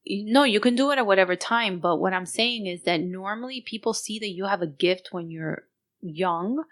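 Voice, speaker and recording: A woman co-hosting a podcast, telling a story in casual chat, animated and mixing Spanish phrases into her English. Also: medium pitch, normal speed. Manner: animated, code-switching into Spanish, laughing while telling a story. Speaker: podcast co-host.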